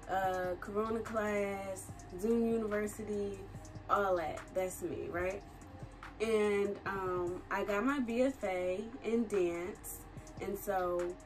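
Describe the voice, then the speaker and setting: A woman's voice: medium pitch, far from the mic. Chatty young woman vlogger, slightly off-mic. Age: 20s. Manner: chatty, laughs often, slangy asides. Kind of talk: casual talking-head vlog.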